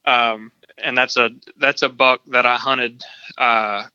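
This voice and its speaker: A man's voice: medium pitch, little pitch movement, slow, pushed and bright, smooth, dry recording. A man, a podcast guest, telling a story casually and thoughtfully, with many ums and restarts. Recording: dull lo-fi sound.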